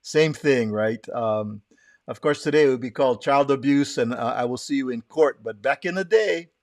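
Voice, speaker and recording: A man's voice: medium pitch, normal speed, darkish tone, no echo, studio quality. A man from Hawaii hosting a live online show, chatting with his guest and greeting viewers by name in a friendly way. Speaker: host. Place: Southern California.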